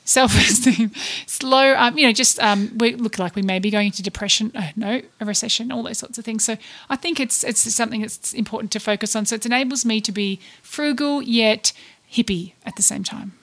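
A woman's voice: on the high side, brisk, fairly bright tone. A woman, co-hosting a podcast in casual chat, giggly and often searching for her words. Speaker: podcast co-host.

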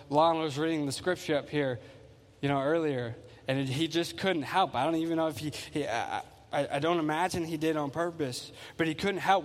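A man's voice: a little high, in a large hall. A male pastor preaching a sermon in a church, earnest and emphatic, repeating phrases as he builds. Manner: earnest, repetitive, emphatic with restarts. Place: church sanctuary.

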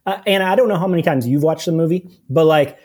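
A man's voice: fairly high pitch, fast talker, a little mellow. A man chatting casually on a podcast about a film, rambling with frequent restarts and repeated words. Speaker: podcast co-host. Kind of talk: casual chat.

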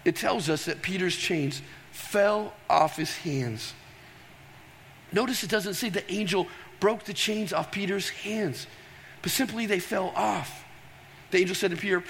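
A high-voiced man preaching with animated storytelling, often pausing to throw questions to the congregation. His voice carries a long reverberant tail from a large church hall. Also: vocal fry, slight background noise. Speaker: pastor. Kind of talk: sermon.

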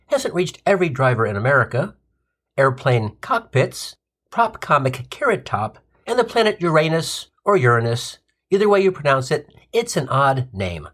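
Guy doing comedy storytelling, kinda husky, voice jumps all over. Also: medium pitch. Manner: animated, sardonic storyteller. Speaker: comedy podcast host. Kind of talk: comic storytelling monologue.

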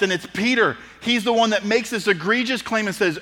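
A man's voice: high voice, brisk, few pauses. A man preaching a sermon, telling the story vividly and acting out the quotes in an auditorium. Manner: lively storytelling, acts out quotes. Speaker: pastor. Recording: long reverb in an auditorium.

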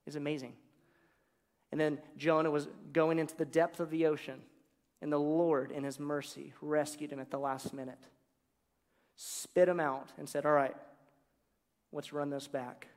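A man's voice: on the high side, little pitch movement, moderate pace, darkish tone, in a large hall. A man preaching a sermon, retelling scripture in a casual, humorous storytelling way with slangy asides.

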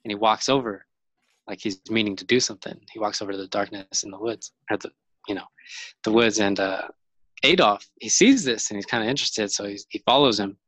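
A man with a lowish voice tells a story in a relaxed, chatty way. He rambles, stops and restarts, and fills gaps with "uh". The sound is dry and close to the mic. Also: a little fast, dry recording, poor audio. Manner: rambling, many fillers and restarts. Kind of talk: casual storytelling.

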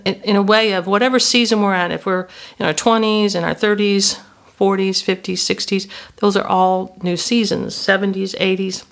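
A woman in her fifties, hosting a podcast and telling personal stories as reflective Christian teaching. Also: fairly low pitch. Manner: storytelling, personal and confessional. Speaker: podcast host.

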